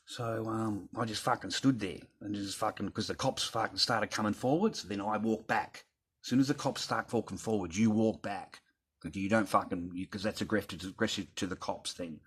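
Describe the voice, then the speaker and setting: A man's voice: lowish voice, normal speed, fairly bright tone, husky. A middle-aged Australian man, host of his own channel, telling a rambling story to viewers and swearing heavily. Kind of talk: casual rant to viewers.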